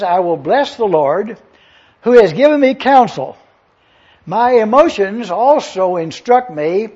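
Emphatic male preacher, high-pitched and husky; lo-fi sermon tape. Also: a little mellow. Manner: emphatic, repeats key phrases, asks the audience if they follow. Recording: dull lo-fi sermon recording.

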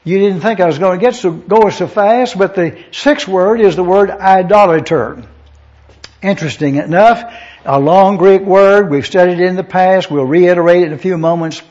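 Male preacher teaching scripture point by point in a fairly high voice; muffled lo-fi recording. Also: normal speed, a little mellow. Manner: methodical, spells out Greek words letter by letter. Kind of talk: Bible-study sermon. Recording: dull lo-fi sound.

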